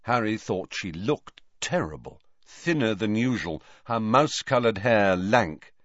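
Expressive male audiobook narrator. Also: on the low side, unhurried, no echo. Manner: expressive storytelling. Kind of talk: scripted narration. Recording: dull dry audiobook recording.

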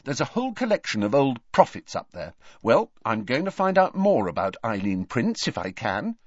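A man voicing a bossy teenage schoolgirl with crisp, sharp retorts. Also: mid-range voice, big pitch swings, moderate pace, dry recording. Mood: tart. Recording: dry, dull lo-fi.

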